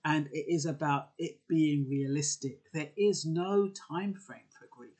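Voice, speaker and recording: A man's voice: on the high side, measured pace, darkish tone, slightly rough. A man giving earnest, conversational advice, with frequent fillers and restarts. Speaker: advice vlogger. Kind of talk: casual advice talk.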